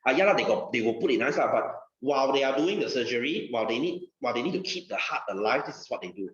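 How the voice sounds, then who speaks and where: Male teacher, casual lesson, rhetorical questions, animated delivery, roomy dull sound. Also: mid-range voice, fast. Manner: chatty, repeats phrases, asks rhetorical questions. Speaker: science teacher. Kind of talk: casual recorded science lesson.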